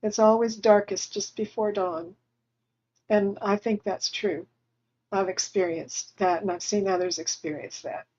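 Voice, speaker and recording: A woman hosting a livestream as a spiritual medium, channeling gentle, consoling messages from the other side for her viewers at home. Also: mid-range voice, steady tone, a little slow, lo-fi sound.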